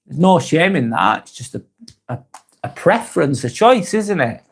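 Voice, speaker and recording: A man's voice: fairly high pitch, very animated, normal speed, gravelly, breathy edge. A man in his forties with a Northern English accent, hosting a live stream and reading out chat comments, joking and rambling with frequent restarts. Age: 40s.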